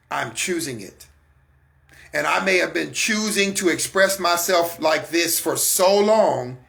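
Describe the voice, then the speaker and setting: A man's voice: on the high side, creaky, fairly bright tone. An American man hosting a Christian broadcast, giving an emphatic, repetitive sermon-like talk straight to his listeners. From United States.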